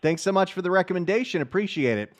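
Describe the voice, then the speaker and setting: Middle-aged guy hosting call-in radio, chatty and upbeat, voice sits a bit high. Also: animated, quick pace. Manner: upbeat, chatty, reads the phone number often. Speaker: radio talk show host. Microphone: studio microphone.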